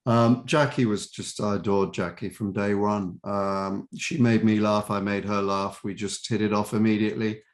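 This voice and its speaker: An older man, an actor guest in an interview, telling chatty, animated anecdotes and sometimes quoting other people's voices. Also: lowish voice, moderate pace, few pauses.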